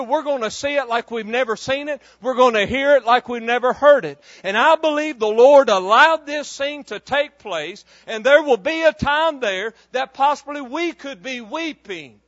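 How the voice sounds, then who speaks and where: A man's voice: extremely high pitch, a bit bright, no room sound, dull audio. A man preaching a fervent, emphatic sermon full of repetition.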